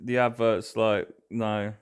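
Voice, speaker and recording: A man's voice: fairly low pitch, level tone, slow, noisy background. A man hosting a reaction video, chatting casually with lots of fillers and restarts.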